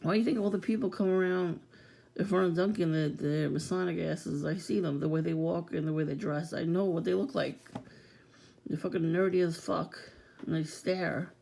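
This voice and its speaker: A woman talks straight to her viewers in a loose, profane rant and laughs often. Her voice is gravelly and low, with a dark, mellow tone. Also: fairly even intonation, normal speed. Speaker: vlogger. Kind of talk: casual rant to camera.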